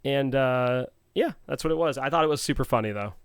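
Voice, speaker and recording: A man co-hosting a podcast, telling a story in a casual, animated, playful way and quoting other people in quick bursts. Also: medium pitch, clean tone, dry recording, studio quality. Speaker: podcast co-host.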